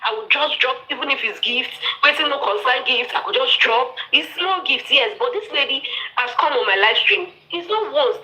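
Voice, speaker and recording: A woman's voice: sits high, pushed and bright, poor audio. A Nigerian woman in her forties hosting a live stream, defiant and dismissive as she rants and talks over others. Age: 40s. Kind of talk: heated live stream rant.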